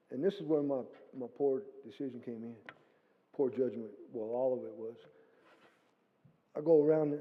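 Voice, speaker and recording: A middle-aged man giving a guest testimony in a church hall, telling his story in a lively way and acting out what he said. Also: mid-range voice. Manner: animated storytelling, acting out his own quotes. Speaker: guest speaker. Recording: phone-like lo-fi sound with long hall reverb.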